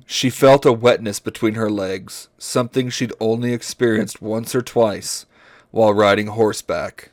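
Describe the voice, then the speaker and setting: A man co-hosting a comedy podcast, reading a story aloud in a deadpan way and stopping to comment on the text. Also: lowish voice, moderate pace, no room sound, clean studio sound. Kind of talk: comedic read-aloud with banter.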